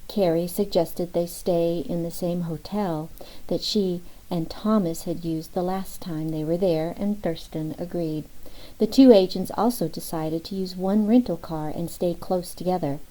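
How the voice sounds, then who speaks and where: A woman reading a novel aloud in steady, even audiobook narration. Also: on the low side, unhurried, rough recording. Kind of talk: scripted narration.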